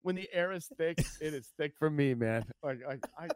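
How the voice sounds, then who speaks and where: A man co-hosting a morning radio show, laughing and reacting with loud exclamations. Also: on the high side, normal speed. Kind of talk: casual radio banter.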